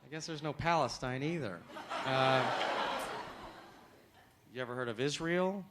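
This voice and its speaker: A man from the United States doing a stand-up comedy set with punchy, animated delivery and sudden shouts, on stage before a live audience. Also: mid-range voice, unhurried, long pauses. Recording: live show with loud crowd and noise.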